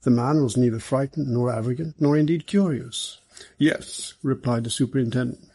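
Gravelly, husky male audiobook narrator. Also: medium pitch, brisk, mellow. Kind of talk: scripted narration.

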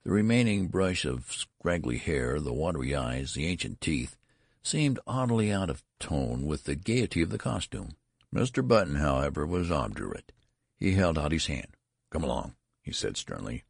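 Deep, gravelly male narrator, wry and measured. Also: big pitch swings, dry recording, clean studio sound. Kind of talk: storybook narration.

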